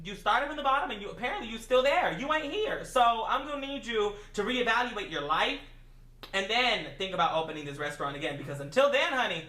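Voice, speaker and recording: A woman vlogger telling a storytime rant in a sassy, profane, animated way, acting out both sides of the exchange. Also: fairly high pitch, brisk. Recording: roomy echo.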